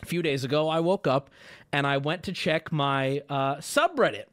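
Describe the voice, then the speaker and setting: A man's voice: a little high, moderate pace, fairly bright tone. A man livestreaming an exasperated, profane and self-mocking rant to his viewers, breaking into bursts of laughter. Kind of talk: ranting stream monologue.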